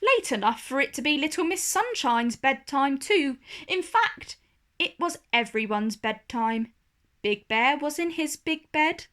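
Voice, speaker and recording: A woman reading a children's storybook aloud in a slow, expressive manner. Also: high voice.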